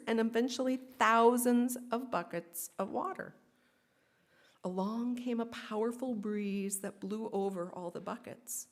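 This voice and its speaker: A woman minister telling a story for all ages during a worship service, expressive and gently inviting. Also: a little high.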